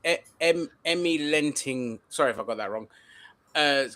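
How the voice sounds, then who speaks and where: A man's voice: a little high, moderate pace, a crowd in the background. A man in a casual political discussion who talks bluntly and swears freely.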